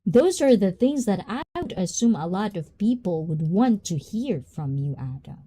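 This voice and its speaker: A woman hosting a casual live-stream chat, talking in a reflective, drawn-out way with many fillers and asides to her viewers. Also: medium pitch, animated, dark tone, breathy edge. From Japan. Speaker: host.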